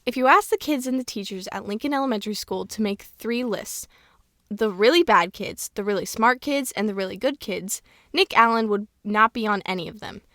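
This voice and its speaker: A woman's voice: mid-range voice, brisk, fairly bright tone, no room sound, clean studio sound. Giggly woman reading a book aloud. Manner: giggly, stumbles over words while reading. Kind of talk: casual reading aloud with banter.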